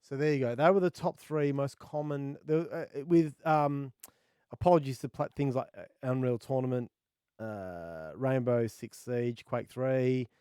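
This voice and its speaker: A man co-hosting a gaming podcast in casual, jokey chat, laughing often, his voice a little rough from the laughter. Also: medium pitch, no echo, studio quality. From Australia. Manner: jokey, laughs often, bloke-ish banter. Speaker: podcast co-host.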